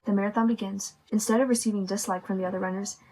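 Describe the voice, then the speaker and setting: A young woman reading the narration of a student documentary in a steady, read-aloud way. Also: mid-range voice, racing, over music, rough recording. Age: young adult.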